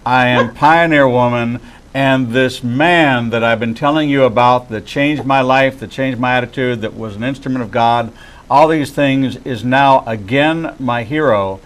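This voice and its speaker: A man's voice: mid-range voice, a little slow, low-quality recording. A man who is a rabbi hosts an interview in a friendly, emphatic, conversational way.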